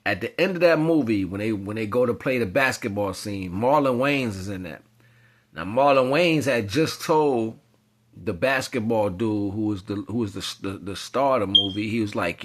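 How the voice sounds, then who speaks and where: A man giving a casual spiritual monologue, talking in loose slang and rambling off into animated storytelling. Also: lowish voice, moderate pace. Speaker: spiritual commentator.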